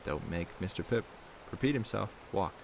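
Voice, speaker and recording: A man voicing a gleeful, cruel male clown in a horror story reading, speaking in a sickly sweet sing-song that sometimes rises higher than his usual voice. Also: lively intonation, normal speed, gravelly, noisy background. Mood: menacing.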